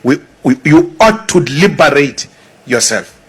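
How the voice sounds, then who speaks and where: Husky high-voiced South African man. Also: lively intonation, a little slow. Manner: forceful, repeats lines for emphasis. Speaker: political speaker. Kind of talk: political speech.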